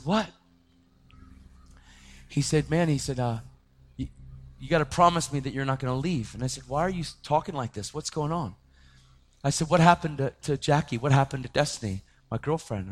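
A young adult man telling a personal testimony in a casual way, often saying "man", his voice rising to shouts at the most intense moments. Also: medium pitch. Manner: casual, says "man" and "dude" a lot. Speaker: speaker sharing his testimony.

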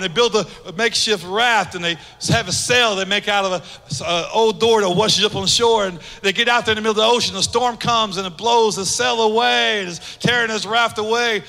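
A man preaching a sermon with passion, building from quiet asides to shouted calls. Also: sits high, gravelly. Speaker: pastor. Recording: long hall reverb.

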